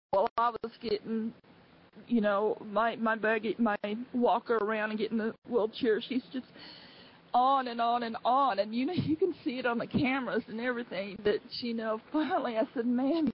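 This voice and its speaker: A woman giving a personal testimony to her church, speaking earnestly and haltingly, with many restarts. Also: fairly high pitch, highs cut off, slight background noise.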